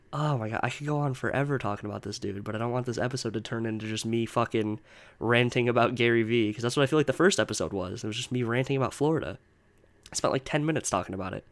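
A man's voice: medium pitch, fast talker, a bit bright. Young man ranting, exasperated. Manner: exasperated, swearing, rambling with many "like"s. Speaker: podcast host. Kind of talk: casual solo rant.

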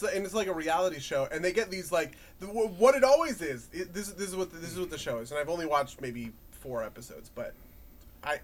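A man in casual podcast chat, rambling and animated, laughing often and swearing. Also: on the high side. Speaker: podcast co-host.

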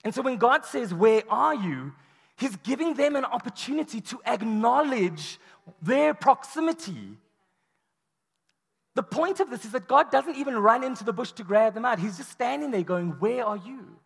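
High-voiced man preaching in a reverberant hall. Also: moderate pace, vocal fry, slightly rough. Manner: animated storytelling, acts out quoted voices. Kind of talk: sermon. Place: large hall or church.

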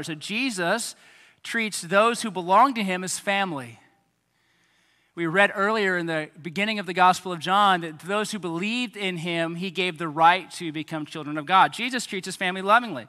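A man in his thirties, a pastor giving a lively sermon to children and families, with chatty asides to kids and parents. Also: sits high, normal speed. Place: church hall. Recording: echoey hall reverb.

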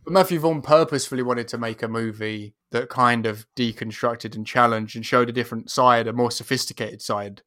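A man's voice: medium pitch, fairly even intonation, fairly quick, hardly any pauses, sharp tone, dry recording, studio quality. A man, a guest on a podcast, talking about films in a thoughtful way with joking asides. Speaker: podcast guest, film scholar. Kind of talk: casual film chat.

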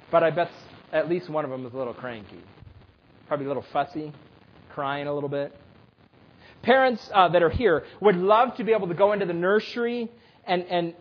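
A husky, fairly high-voiced man in his thirties preaches in a church, speaking plainly and directly to the children. The recording is dull and lo-fi. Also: animated, moderate pace. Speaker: pastor. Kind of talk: sermon. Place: church sanctuary.

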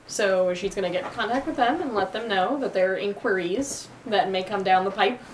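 A woman's voice: mid-range voice, distant mic, slight background noise. Laughing woman player in a roomy space. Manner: laughs often, playful, quick jokes. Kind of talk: casual tabletop game chat.

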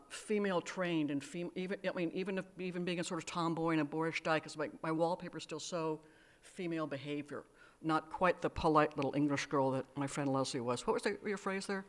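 Woman author, live reading, dry and wry, hesitant asides. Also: lowish voice. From United States. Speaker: author reading her work.

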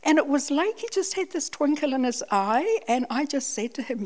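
A woman's voice: high-pitched, lively intonation, moderate pace, hardly any pauses, darkish tone, a little hiss or hum. Scottish lady preaching, chatty and self-mocking, tells it like a story. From Scotland. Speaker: church speaker. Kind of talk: sermon with personal testimony.

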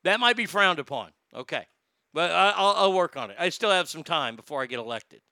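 A man tears into politics on his talk show, crude and mocking, full of swagger. His voice sits high and gravelly with a sharp, bright edge. The recording is dry and close, with no room sound. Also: expressive, fairly quick, no room sound. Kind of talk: profane political rant.

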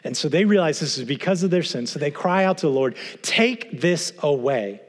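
A man's voice: on the high side, quick pace. Earnest male Bible teacher in reverberant hall. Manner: earnest, rhetorical questions, emphatic.

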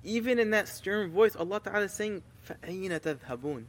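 High-voiced impassioned male preacher. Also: a little fast, in a large hall, slight background noise. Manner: impassioned, builds to emphatic rhetorical questions; recites Arabic scripture. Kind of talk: sermon.

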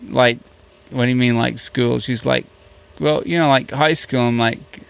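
A man's voice: medium pitch, unhurried, creaky, clean tone. A man, a podcast guest telling a long story casually and acting out the dialogue. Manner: animated, acts out quoted dialogue with many "I'm like".

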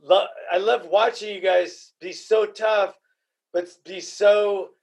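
A podcast host in casual chat, emotional and profane, often repeating himself. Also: male voice, sits high, fairly even intonation, slow.

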